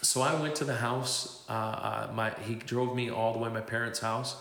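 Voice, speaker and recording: A man preaches a testimony sermon, telling his story and acting out the voices of the people he quotes. His voice is medium-pitched, steady, creaky and fairly bright, at normal speed. The hall is echoey.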